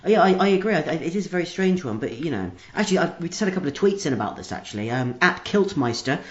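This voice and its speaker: A man co-hosting a comedy football podcast, reading listener messages in a dry, deadpan way. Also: fairly high pitch, fast, dull audio. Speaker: podcast co-host. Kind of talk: comedic football phone-in banter.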